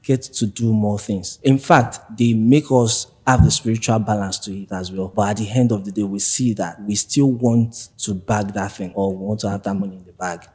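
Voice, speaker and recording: Calm young man, husky low voice. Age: young adult. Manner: calm, measured, thoughtful. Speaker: podcast guest. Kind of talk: casual podcast chat.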